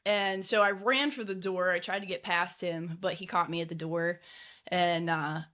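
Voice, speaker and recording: A woman with a slightly low voice shares a personal story as a podcast guest. Her telling is casual and loose, full of fillers, with a nervous laugh now and then. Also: fairly even intonation, normal speed, fairly bright tone.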